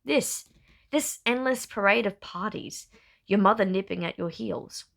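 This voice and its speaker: A woman's voice: mid-range voice, measured pace, vocal fry. A woman reading as a dry, guarded young duke. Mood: wry. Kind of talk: audiobook-style novel reading.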